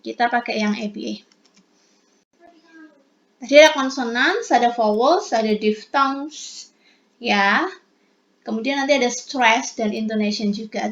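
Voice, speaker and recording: Slow, patient Indonesian-accented woman lecturer. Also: sits high, fairly bright tone. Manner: mixes English and Indonesian, slow and explanatory. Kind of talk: online lecture. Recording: dull lo-fi recording.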